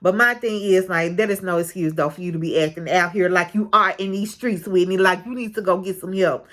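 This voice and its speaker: A woman's voice: fairly low pitch, steady tone, fairly quick, few pauses, fairly bright tone. A woman hosting a casual recap of a reality show, frank and chatty, often breaking into laughter.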